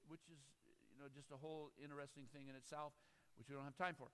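Pastor guy preaching, high voice, chatty asides, lots of reverb in the hall. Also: a little fast, a bit bright. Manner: conversational, chuckling asides. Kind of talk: sermon.

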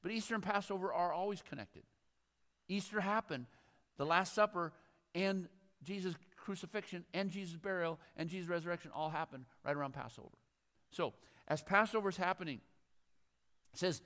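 A high-voiced male pastor reads scripture, then drifts into relaxed, conversational asides that he punctuates with chuckles. His voice carries through a hall with a long, lingering reverb. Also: normal speed. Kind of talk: sermon.

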